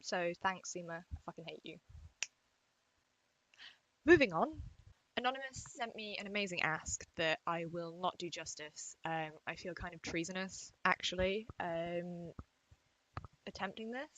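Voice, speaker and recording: A young English woman vlogging at home to her webcam, chatty and self-deprecating, talking quietly so as not to wake the household. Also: fairly low pitch, normal speed, poor audio. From England. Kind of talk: casual webcam vlog. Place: room at home.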